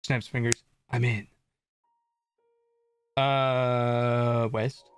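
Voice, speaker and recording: A man's voice: medium pitch, little pitch movement, extremely slow, soft background music. A young man casually commenting on his gameplay as a streamer, chatting and joking with viewers. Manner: chatty, jokey, reads chat aloud.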